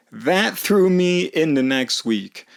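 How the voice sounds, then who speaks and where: A man telling a comedic personal story in an animated, self-mocking way, laughing often. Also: fairly high pitch, creaky. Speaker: storyteller vlogger.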